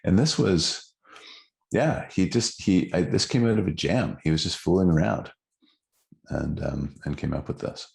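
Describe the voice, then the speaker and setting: A middle-aged man co-hosting a podcast about records, telling stories and trivia about a band in casual, animated chat. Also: sits low, unhurried, creaky. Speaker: podcast co-host.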